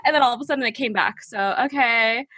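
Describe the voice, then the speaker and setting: A giggly young woman chatting on a video call, her voice a little high and slightly husky. The sound is dry and close, with no room around it. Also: fast, sharp tone, dry recording. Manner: giggly, lots of fillers and laughter. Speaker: guest in a video call chat. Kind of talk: casual chat. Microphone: laptop or phone on a video call over a hotspot.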